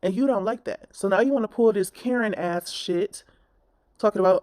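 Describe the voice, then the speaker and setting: A woman's voice: medium pitch, normal speed, a little mellow, no room sound. A woman commentator ranting bluntly in a reaction video, scolding and swearing.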